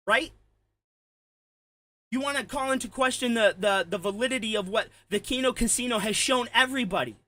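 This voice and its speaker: A man delivering an angry, profane ranting commentary, heated and shouting at times. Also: extremely high pitch, brisk, no echo. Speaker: commentary streamer.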